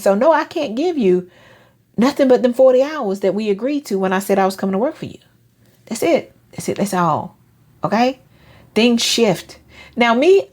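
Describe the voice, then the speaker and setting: A woman, hosting a casual motivational talk and acting out quoted friends in higher voices. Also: darkish tone. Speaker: host.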